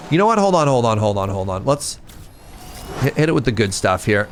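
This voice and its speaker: A man's voice: medium pitch, big pitch swings, fairly quick, a little hiss or hum. A man streaming a game, chatting and joking playfully with his viewers while thinking aloud. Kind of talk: casual gameplay chat with viewers.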